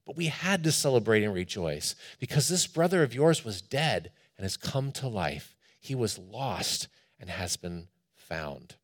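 A man voicing a forgiving father, urgent, overjoyed, animated pitch. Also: a little slow. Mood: gentle. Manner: urgent commands, rising excitement.

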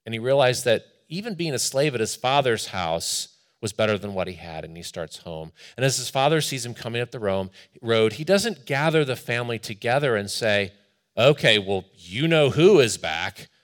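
Man, preacher, sermon, conversational asides, very lively intonation. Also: medium pitch, fairly quick. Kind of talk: sermon with scripture reading.

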